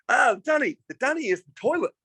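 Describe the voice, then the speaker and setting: A man's voice: very high voice, bright, forceful tone, slightly rough, dry recording. A man with an Australian accent, chatting as a guest in a casual interview, laughing often and swearing casually. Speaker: guest musician.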